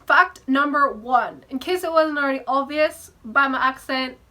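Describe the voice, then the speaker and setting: A woman in her twenties with a soft southwest Scottish accent, chatting to camera in a bubbly, rambling and self-mocking way with frequent laughs. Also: high-pitched, normal speed. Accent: southwest Scottish, softened. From Scotland. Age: 20s. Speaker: book vlogger. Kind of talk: casual chat to camera.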